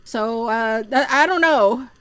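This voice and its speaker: A woman streamer telling stories in a casual, animated chat, often acting out the voices of the people she quotes. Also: a little high, slow, clean tone, dry recording. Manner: animated, puts on voices when quoting people; chatty, frequent fillers and restarts. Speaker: VTuber streamer.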